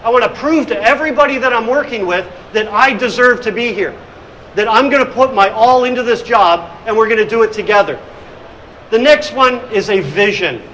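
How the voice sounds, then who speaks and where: A man's voice: very high voice, fairly bright tone, slight background noise, rough recording. A middle-aged man giving a conference presentation on hospitality leadership, telling stories with energy and acting out scenes. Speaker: hospitality consultant and speaker. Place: conference room.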